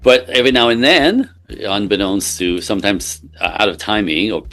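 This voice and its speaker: A man's voice: on the low side, moderate pace, fairly bright tone, soft background music. A man working as a relationship coach, speaking as an interview guest. He explains with everyday examples, talks emphatically, and keeps checking in with "right?".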